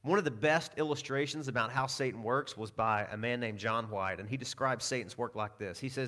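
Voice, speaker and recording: A man's voice: medium pitch, a little fast, hardly any pauses, sharp tone. Conversational man preaching a sermon. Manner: conversational, storytelling with self-deprecating asides. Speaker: pastor.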